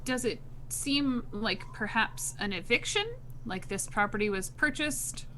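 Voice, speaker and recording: A woman's voice: a little high, lively intonation, unhurried, pushed and bright, slight background noise, poor audio. A woman playing in a tabletop game, asking curious questions in casual chat. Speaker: player.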